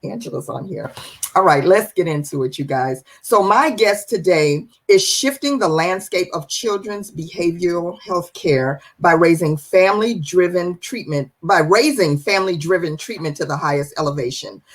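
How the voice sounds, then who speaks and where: A woman hosting a live-stream show, lively and chatty, greeting viewers by name. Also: lowish voice, moderate pace, husky. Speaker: livestream host.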